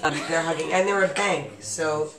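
A man's voice: a little high, moderate pace, a crowd in the background. A man hosting a casual podcast chat, rambling with lots of fillers and restarts. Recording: echoey room with faint noise.

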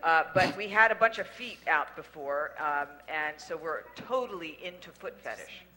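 A woman hosts a loose, casual chat with a playful, animated delivery. Her voice is strikingly bright and sharp. She keeps laughing her way through the talk. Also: deep voice, normal speed, rough recording. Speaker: host.

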